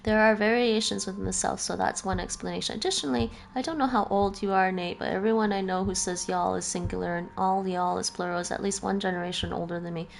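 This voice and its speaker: A woman's voice: mid-range voice, steady tone, fast, creaky, hardly any pauses, slight background noise. A woman streaming a video game, chatting casually with her viewers and laughing often. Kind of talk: casual chat while gaming.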